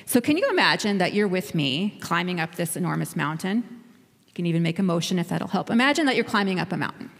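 A woman's voice: on the low side, animated, fast talker. A woman leading a playful, encouraging children's talk in a church, asking the kids questions. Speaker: children's message leader. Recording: echoey hall.

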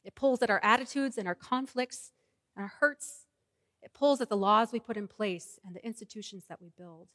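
A woman's voice: mid-range voice, fairly bright tone, no room sound, clean studio sound, long reverb tail. A woman pastor preaching a sermon in a rhythmic, repetitive cadence and leading her congregation in prayer.

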